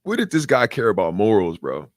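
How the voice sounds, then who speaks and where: A man co-hosting a podcast in casual chat, joking and profane in quick banter on a close studio mic. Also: lowish voice, wildly swooping pitch, dry recording. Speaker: podcast co-host.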